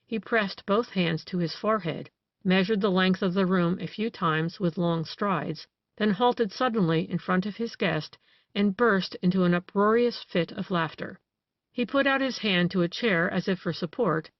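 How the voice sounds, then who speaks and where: An audiobook narrator reading detective fiction in an even, measured way. The voice sits mid-pitch and is recorded dry with a slightly dull, lo-fi tone. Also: no echo. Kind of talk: scripted narration.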